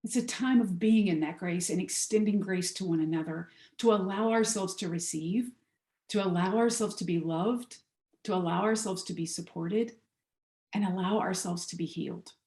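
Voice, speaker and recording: A woman giving a heartfelt spiritual talk over a video call, telling a story gently before leading a meditation. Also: medium pitch, normal speed, roomy sound. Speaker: guest speaker.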